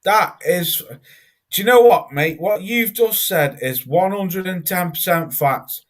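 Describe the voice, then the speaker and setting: A man's voice: high-pitched, measured pace. A man hosting a live boxing talk stream, emphatic and swearing, repeating words for stress. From Britain. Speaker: host.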